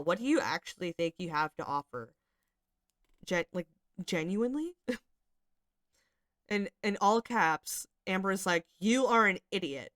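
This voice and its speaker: A woman host gives casual commentary while reading out messages, chatting in a loose, profane way with frequent fillers. Her voice sits a little low and sounds smooth and clear. The recording is close and dry, with no room echo. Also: a bit bright. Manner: chatty, swears freely, lots of "like" fillers.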